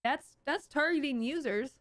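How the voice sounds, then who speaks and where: A woman's voice: high-pitched, normal speed. A woman streamer giving live reaction commentary, ranting sarcastically with lots of fillers and restarts. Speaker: streamer host.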